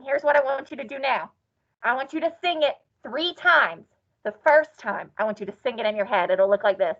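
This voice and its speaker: A woman teaching an online class in a playful, sing-song way with cowgirl cheers. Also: sits high. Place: classroom or office. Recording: dull lo-fi sound.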